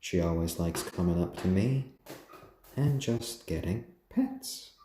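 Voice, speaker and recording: A man with a low, dark voice hosts a casual live stream from home, talking slowly and gently as he coos over his pet chickens and answers viewers. His pitch swings widely when he talks to the birds. The room sounds echoey, with a faint hum of noise behind him. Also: animated. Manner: chatty, answers viewers' comments.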